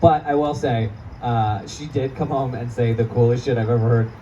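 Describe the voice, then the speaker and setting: Caught in a distant, muffled recording from a comedy club, a man in his thirties performs a crude, self-mocking stand-up set for a live crowd, laughing through his punchlines. His mid-range voice is steady and dark in tone, at a moderate pace. Laughter and chatter from the audience surround him.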